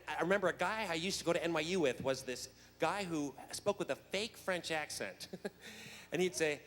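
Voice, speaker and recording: A man's voice: high voice, fairly bright tone. A man, a guest actor at a fan convention, telling a comic backstage story in a chatty, laughing way with many restarts. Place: large convention hall. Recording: echoey hall, faint noise.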